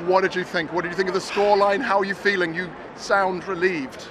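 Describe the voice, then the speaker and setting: A man working as a reporter, putting brisk, upbeat questions to people in field interviews on location. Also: high voice, flat delivery, noisy background. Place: on location in the street and at events.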